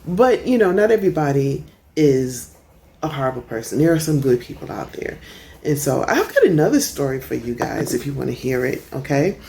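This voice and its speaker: A middle-aged woman tells stories in a relaxed, chatty vlog, sitting out on a porch. Her voice sits low and warm, and she keeps it animated with frequent laughs. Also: a little fast, gravelly. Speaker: vlogger. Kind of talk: casual storytelling vlog. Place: outdoor porch in the rain.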